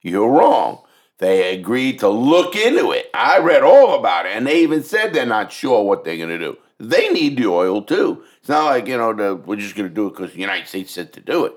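A podcast co-host talking politics in casual chat, blunt and swearing a lot. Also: male voice, on the low side, normal speed. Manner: blunt, heavy swearing, animated.

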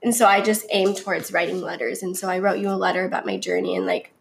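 A young woman chatting openly about her story, full of fillers, sometimes bubbly and sometimes quiet. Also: on the low side, sing-song, fast talker, creaky, slight background noise. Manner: chatty, many fillers, shifts from bubbly to subdued. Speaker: guest sharing her story. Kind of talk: casual heartfelt conversation.

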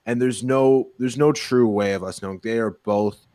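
A young man hosts a casual podcast. His voice sits at a middle pitch and he jokes easily with his co-host. The sound is close and dry, with no room echo. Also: moderate pace, a little mellow. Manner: upbeat, joking banter. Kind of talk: casual chat.

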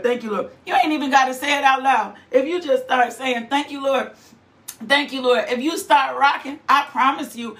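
A woman's voice: high voice, a bit bright. A middle-aged woman preaching a fervent sermon, repeating phrases in a rhythmic, rousing way. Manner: fervent, rhythmic repetition, exhortations.

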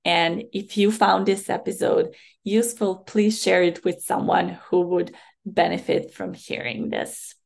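A woman hosting a solo podcast, speaking in a hoarse voice with a slow, reflective, motivational manner. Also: lowish voice, level tone, a little mellow. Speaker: podcast host.

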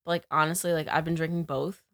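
A woman's voice: deep voice, flat delivery, quick pace, fairly bright tone, no echo, clean studio sound. Young woman, tipsy and teasing. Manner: teasing, slightly slurred speech. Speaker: podcast guest. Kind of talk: casual drinking chat.

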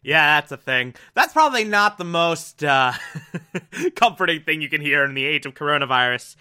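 A man's voice: on the high side, very animated, moderate pace, sharp tone, clear, resonant tone. A man giving an enthusiastic, casual recap and review of a TV episode, with sudden asides and the odd swear.

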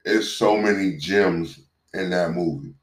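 Deep-voiced man, casual chat, halting and earnest, lots of fillers, echoey room. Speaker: conversation partner.

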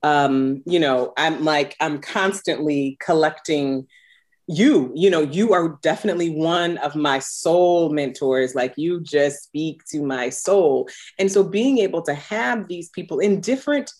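A woman coach in her thirties speaks in a low, deep register. She talks earnestly and without hurry, with conviction in each point. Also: measured pace, a little mellow. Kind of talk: podcast interview, reflective.

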